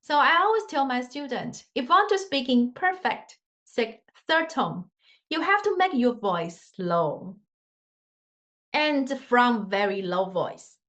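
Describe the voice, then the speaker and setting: A woman with a high voice teaches an online language lesson. She speaks slowly and patiently in simple, non-native English, demonstrating sounds with sung scales. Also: very animated, bright, forceful tone, dull audio. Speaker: Mandarin teacher.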